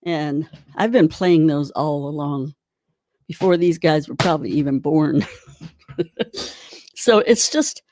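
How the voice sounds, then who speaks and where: Low-voiced woman teaching drum rudiments. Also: takes it slowly, long pauses, darkish tone, no echo. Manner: chatty, encouraging, demonstrates while talking. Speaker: drum instructor. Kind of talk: online drum clinic.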